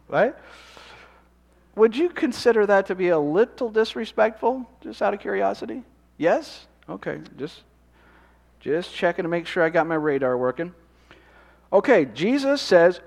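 A man's voice: high voice, measured pace, big-room sound. A man preaching a sermon in a conversational way, often asking the congregation questions. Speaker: pastor.

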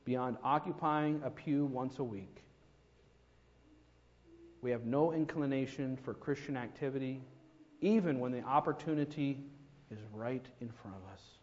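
Emphatic preacher in a reverberant church. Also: male voice, mid-range voice, a little mellow. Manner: storytelling, rising to emphatic peaks. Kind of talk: sermon. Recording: long reverb, dull lo-fi sound.

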